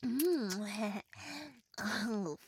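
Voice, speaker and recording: A woman's voice: mid-range voice, expressive, extremely slow, noisy background. A young woman voicing a small, chatty female fairy who grants wishes, giggling, rambling and stammering through many fillers in an audio role-play. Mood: hushed.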